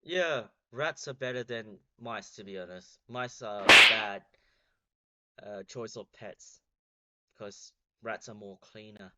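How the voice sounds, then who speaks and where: A man from southern Australia with an Australian accent, hosting a reaction vlog in an excitable, chatty way with loud bursts. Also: lowish voice, measured pace, slight background noise. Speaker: reaction channel host. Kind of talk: casual vlog chat. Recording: dull lo-fi recording.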